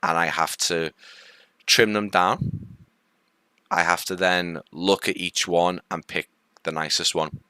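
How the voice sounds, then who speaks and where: Deep-voiced chatty man, light Liverpool accent. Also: steady tone, slow, pauses often, sharp tone, clear, resonant tone, no room sound, clean studio sound. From Liverpool, England. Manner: rambling and chatty, with many fillers and restarts; friendly, greets viewers and answers comments. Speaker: live-stream host. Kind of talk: casual live-stream chat with viewers.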